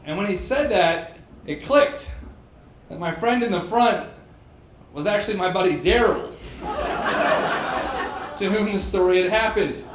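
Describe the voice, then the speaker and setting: A man telling a true personal story on stage, animated and self-mocking, laughing through his lines. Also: sits high, slow pace, long pauses. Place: stage in a pub. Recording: echoey live room, faint crowd noise.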